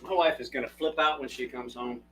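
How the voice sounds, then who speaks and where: A man's voice: medium pitch, brisk, fairly bright tone, a little hiss or hum. A middle-aged man hosting a casual stream from his desk at home, rambling loosely and breaking into laughter while he tells stories. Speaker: channel host. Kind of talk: casual livestream chat and storytelling.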